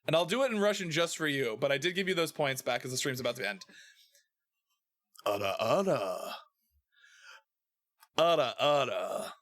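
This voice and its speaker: A young man hosts a live stream in a loose, playful chat. His voice swings up and down with lively energy and sits a little high. He laughs easily. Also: very fast, hardly any pauses. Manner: animated, laughs often, playful. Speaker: streamer host.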